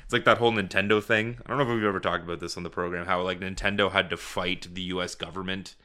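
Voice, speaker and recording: Brief: male podcast co-host, low and bright tone, jokey delivery, laughs a lot. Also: steady tone, fast talker. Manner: jokey, laughs often, slips into silly voices when quoting people. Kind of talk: casual comedic podcast chat.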